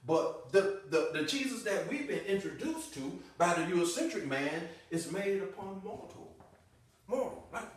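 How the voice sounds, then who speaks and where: An American man preaching with fervent emphasis, hammering phrases again and again and rising from murmurs to booming calls. His voice sits a bit high for a man. He is picked up from well back in a very reverberant room. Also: animated, moderate pace. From United States. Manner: emphatic, repeats key phrases, swings between quiet and booming. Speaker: religious teacher. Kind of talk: impassioned sermon-style teaching. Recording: echoey room, voice far from the mic.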